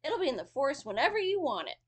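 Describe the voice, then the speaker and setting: Tiny clever storybook boy, put on by a woman, bright and eager, lots of pitch movement. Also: sing-song, fast talker. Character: tiny clever cheeky boy no bigger than a thumb.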